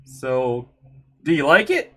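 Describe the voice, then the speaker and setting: A woman voicing a playful, scheming male general who teases his friend, reading a comic aloud with a breathy voice. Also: low voice, sing-song, takes it slowly, pushed and bright, pitched below the performer's own voice, exaggerated voice. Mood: teasing. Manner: teasing, cheerful.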